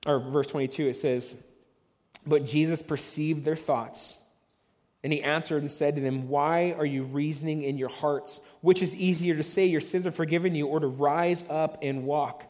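A man's voice: fairly high pitch, steady tone, moderate pace, darkish tone, long reverb tail. A man preaching a sermon as pastor, telling the story conversationally and acting out the voices of the onlookers.

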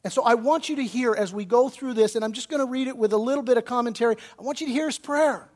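A man's voice: very high-pitched, fast. Impassioned male pastor preaching a sermon. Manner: impassioned preaching, rising to loud pleading when quoting scripture and prayer.

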